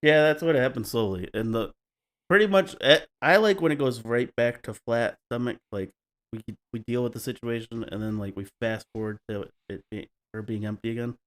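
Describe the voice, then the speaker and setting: A man's voice: medium pitch, moderate pace, a bit bright. A man hosting a podcast, retelling stories in a casual, wry way and slipping into playful mock voices. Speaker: podcast host.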